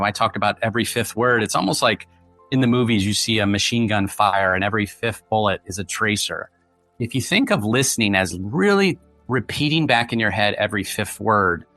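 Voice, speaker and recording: A middle-aged man speaks as a podcast guest, his voice low and bright with a forceful edge. He explains things in long, anecdotal runs and often restarts his sentences. The recording is dry and close, with faint music behind it. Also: lively intonation, a little fast, dry recording. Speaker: guest author, former polygraph examiner. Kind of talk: conversational podcast interview.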